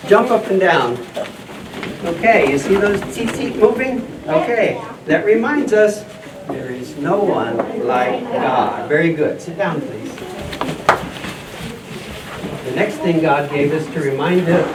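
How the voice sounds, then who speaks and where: A man playing a friendly scribe teacher and farmer in a church children's skit, leading the kids in call-and-response. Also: on the high side. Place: church hall. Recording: echoey, distant mic, noisy room.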